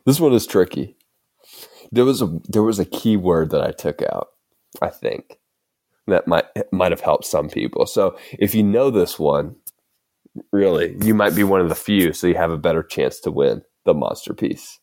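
Brief: male podcast host with a deep voice, easygoing and chuckly, dry booth sound. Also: expressive, normal speed, a little mellow, no room sound. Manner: laid-back, filler-heavy, chuckling. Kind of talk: casual podcast chat.

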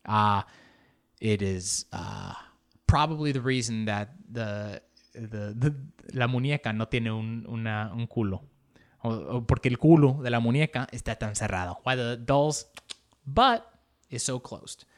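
A man hosting a casual solo podcast, talking in an animated, joking and profane way and slipping into Spanish words. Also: medium pitch, a little slow. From Argentine family background. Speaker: podcast host.

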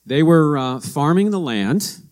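A man's voice: on the high side, expressive, unhurried, a little mellow. A middle-aged man, a pastor, preaching a sermon in a conversational way, telling stories and acting out quotes. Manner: conversational storytelling, with anecdotes and acted-out quotes.

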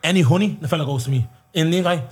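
A man's voice: a little high, rapid-fire, a little mellow, husky. A man, a guest telling rowdy stories with lots of swearing and laughter. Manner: swearing, laughing, calls everyone lad. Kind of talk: casual storytelling.

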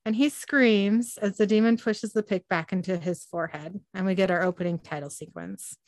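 A woman's voice: mid-range voice, fairly even intonation, normal speed, dry recording. A woman co-hosting a podcast, giving a casual recap of a show's plot and laughing often. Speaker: podcast co-host.

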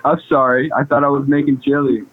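A man on a prank call, giving short, flat, apologetic replies. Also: medium pitch, brisk. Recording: tinny phone line.

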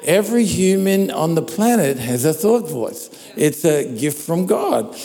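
A man preaching a sermon in a church, speaking into a microphone in a relaxed, conversational way and often checking in with his listeners. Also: on the high side, measured pace, vocal fry, soft background music. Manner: conversational, checks in with "all right?". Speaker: pastor. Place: church hall. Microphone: handheld or stand microphone. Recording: long reverb of a large hall.

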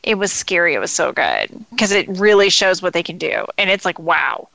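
A woman's voice: on the low side, big pitch swings, normal speed, vocal fry, pushed and bright, no room sound, low-quality recording. A middle-aged woman co-hosting a podcast, chatty and dramatic in casual talk. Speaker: podcast co-host. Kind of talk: casual chat.

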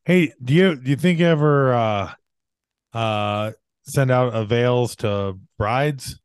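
A man's voice: medium pitch, slow, clean tone, no echo. A man co-hosting a podcast, chatting casually and tossing in punny wisecracks. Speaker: podcast co-host. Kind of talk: casual chat.

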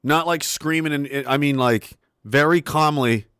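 A man hosting a livestream talk show, reading viewer messages aloud in a casual, animated and profane way. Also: a little high, measured pace, smooth, no room sound, clean studio sound. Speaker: show host.

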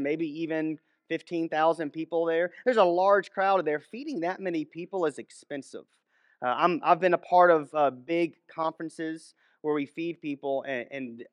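A man's voice: high-pitched, no room sound, studio quality. A young man, a minister, giving a casual, conversational Bible teaching with many restarts and asides.

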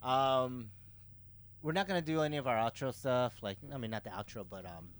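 A man's voice: mid-range voice, a little fast, smooth. Joking male podcast co-host. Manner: joking, laughs easily. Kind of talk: casual chat. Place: room in a camper.

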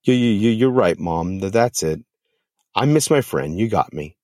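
A man's voice: fairly high pitch, moderate pace, breathy edge, no echo, studio quality, pitched above the performer's own voice. A man doing a stammering lovesick turtle. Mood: dejected. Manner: stammering, hesitant. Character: shy heartbroken young male turtle.

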